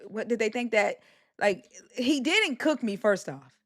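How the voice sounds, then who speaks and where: A woman's voice: fairly high pitch, animated, unhurried, a bit bright, dry recording. A woman hosting a live stream, talking in a brash, profane, taunting way. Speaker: livestream host. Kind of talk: heated live-stream rant.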